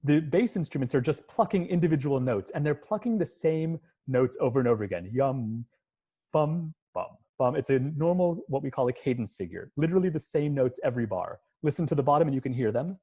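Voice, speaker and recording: A man's voice: a little high, lively intonation, quick pace, warm tone, breathy edge. A man, a music professor, giving an online lecture and explaining scenes step by step, at times humming the musical lines. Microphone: computer mic on a video call.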